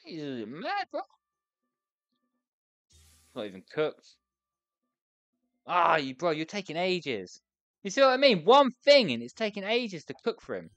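A woman's voice: lowish voice, wildly swooping pitch, unhurried, pauses often, a bit bright, dry recording, soft background music. A young woman giving frantic, exasperated let's play commentary with lots of swearing. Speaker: gaming YouTuber.

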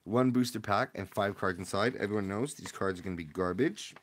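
A young man hosting a casual livestream from his room at home, chatting in relaxed slang and jumping from quiet mumbles to sudden loud yells. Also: fairly low pitch, a little fast, slight background noise. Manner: laid-back slangy banter with chat. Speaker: livestream host opening card packs.

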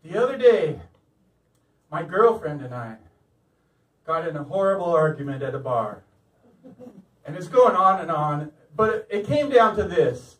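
A man's voice: on the high side, big pitch swings, measured pace, pauses often, a bit bright. A man telling a stand-up comedy story at an open mic, often laughing through his lines. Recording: echoey room, mic at a distance, faint noise.

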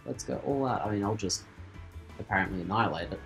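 A man's voice: lowish voice, fast, vocal fry, fairly bright tone, soft background music. A man giving playful, joking commentary while he plays a video game for his channel. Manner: playful, laughs and jokes while playing. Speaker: gaming channel host. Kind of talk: casual let's-play commentary.

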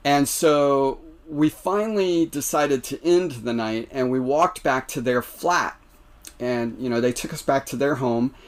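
An American man telling stories on a podcast, animated and laughing, with many restarts. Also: medium pitch, a little slow. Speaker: podcast guest. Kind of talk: casual storytelling.

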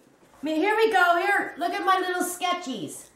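A woman's voice: extremely high pitch, normal speed, fairly bright tone. Chatty rambling woman in an echoey room. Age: 50s. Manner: rambling, chatty, restarts and giggles. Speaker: crochet vlogger. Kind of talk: casual show-and-tell chat. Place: home room.

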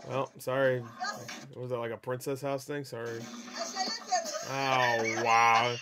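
A woman hosting a meme reaction video, cursing freely, laughing loudly and yelling back at the clips. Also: rumbling low, very noisy. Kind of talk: casual meme reaction commentary.

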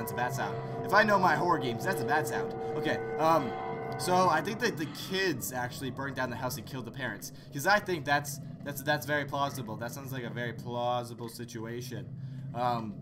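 A man hosting horror let's-play commentary, joking sarcastically and yelling in fright. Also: medium pitch. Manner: excitable, jokey, sarcastic, screams in fright. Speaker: gaming channel host.

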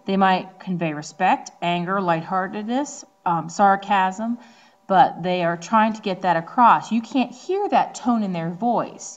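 A woman teacher from the Northeastern United States giving a casual recorded lecture, explaining terms with frequent ums and slowing down to stress key words. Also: on the low side, highs cut off.

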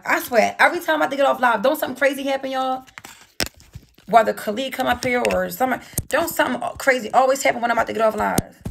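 A woman hosts a live stream in a heated, casual chat, loud, profane and rapid-fire. Her fairly high voice has a gravelly, fried edge. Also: slight background noise.

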